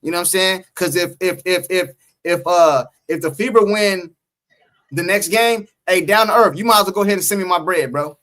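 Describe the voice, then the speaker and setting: A man's voice: sits high, fairly quick, fairly bright tone. A man co-hosting a casual post-game sports stream, reading the chat and talking emphatically, repeating his points and teasing viewers. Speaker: sports talk co-host.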